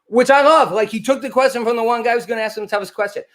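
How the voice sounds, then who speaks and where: A man's voice: very high-pitched, fairly even intonation, rapid-fire. A man hosting a live political commentary show, talking casually and animatedly, often restarting with repeated words. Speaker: host.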